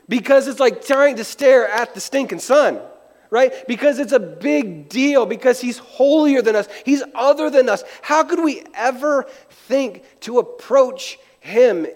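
A man's voice: extremely high pitch, animated, measured pace, darkish tone, long reverb tail. A male pastor preaching in a conversational way, acting out quotes and restarting his sentences. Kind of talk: sermon.

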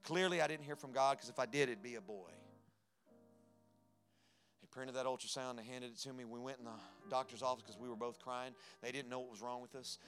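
A man preaching a sermon as a pastor, telling a personal story that moves between hushed moments and loud, emphatic passages. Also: medium pitch, steady tone, a little fast, soft background music. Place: church sanctuary.

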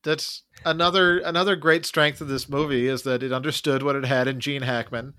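A man's voice: medium pitch, little pitch movement, a little fast, sharp tone, smooth. A man discussing a movie casually as a podcast co-host, thoughtful and wry, hedging his points.

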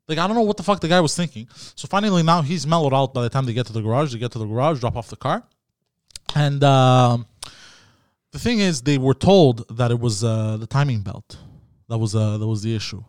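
A man's voice: mid-range voice, fairly quick, no echo, studio quality. A man hosting a podcast, telling a rambling, profane story in casual chat. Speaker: podcast host. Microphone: studio mic.

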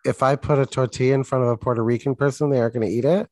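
Mid-pitched man co-hosting a podcast. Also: fairly even intonation, racing, darkish tone, no echo. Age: young adult. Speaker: podcast co-host. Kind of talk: casual chat.

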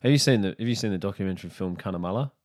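A middle-aged Australian man with a very low, deep voice chats as a podcast guest. He tells stories in a dry, wry way and drops the odd swear word without any fuss. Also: rapid-fire. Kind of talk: casual chat.

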